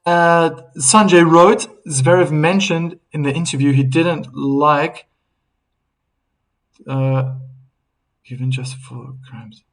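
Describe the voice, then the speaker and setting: A man commentating a tennis match on a live stream, in a chatty, loose play-by-play. His voice sits a bit high for a man, and he breaks off to read and answer viewer comments. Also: steady tone, slow, long pauses, poor audio. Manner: chatty, reads viewer comments aloud, laughs easily.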